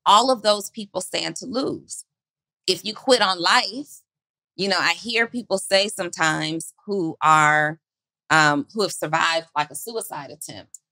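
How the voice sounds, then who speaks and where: Woman podcast host, earnest and insistent, bright lower voice, dry studio sound. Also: a little slow, dry recording. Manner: earnest, repeats questions for emphasis. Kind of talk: motivational podcast talk.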